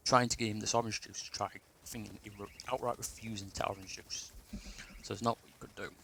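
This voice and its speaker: A young man with a low, gravelly voice tells a personal story in a loose, rambling way, swearing often and restarting his sentences. A faint hum of background ambience sits under the recording. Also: fairly even intonation, fast talker, sharp tone, rough recording.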